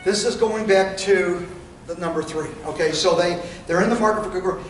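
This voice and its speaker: Guy teaching sales in a meeting room, highish voice, far from the mic, kinda echoey. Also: brisk. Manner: folksy, role-plays lines to customers. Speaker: sales trainer. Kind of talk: sales training talk. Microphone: without a microphone, away from the recorder. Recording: roomy, distant, faint room noise.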